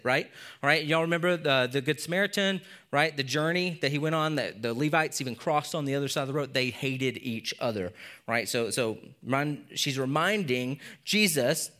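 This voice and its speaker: Man, casual sermon, conversational pastor, mid-range voice, keeps asking "all right?". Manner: drops softer and lower for serious points.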